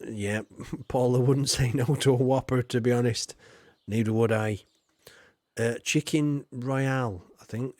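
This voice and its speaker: A man's voice: mid-range voice, darkish tone, dry recording. A man chatting casually while streaming a game, rambling and laughing often as he reads his chat.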